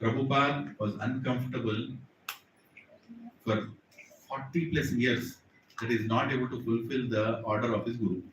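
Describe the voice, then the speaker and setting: A man's voice: medium pitch, fairly even intonation, moderate pace, pauses often, a bit bright, slight background noise. A man giving an earnest sermon in a temple hall, talking straight to his listeners and repeating his points. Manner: earnest, repetitive, addresses the audience directly. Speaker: preacher. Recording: echoey hall, distant mic.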